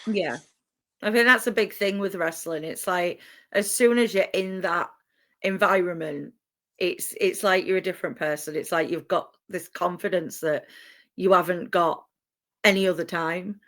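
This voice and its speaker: A woman's voice: fairly low pitch, steady tone, normal speed, a bit bright. A woman hosting a podcast interview, chatting casually and encouraging her guest, often giggling. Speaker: podcast host.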